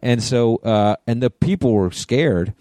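A middle-aged man co-hosting a podcast, telling lively anecdotes and acting out the voices of people he quotes. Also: medium pitch, a little slow, no room sound, studio quality. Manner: animated anecdotes, acts out quoted voices, laughs often. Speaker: podcast co-host. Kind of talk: casual storytelling chat.

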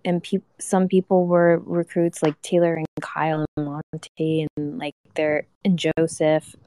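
A woman's voice: deep voice, little pitch movement, measured pace, warm tone, dry recording, studio quality. A young woman giving a live reaction to a reality show, ranting casually with swearing and lots of fillers. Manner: ranting, profane, many fillers.

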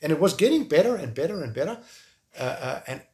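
A man with a South African accent, speaking as an interview guest in an emotional, halting way, with frequent restarts. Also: fairly high pitch, very animated, darkish tone. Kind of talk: remote interview conversation.

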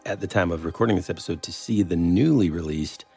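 Man, podcast co-host, rambling casual talk, very low, husky. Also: quick pace, darkish tone, soft background music. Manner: rambling, searches for words, teasing.

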